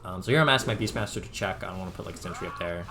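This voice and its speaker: A man's voice: low-pitched, very fast, gravelly, background noise. A young man casually commenting on his own game footage as a coach, rambling and filling his talk with "like.". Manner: rambling, filler-heavy, says "like" constantly. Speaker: Dota coach analyzing his own gameplay.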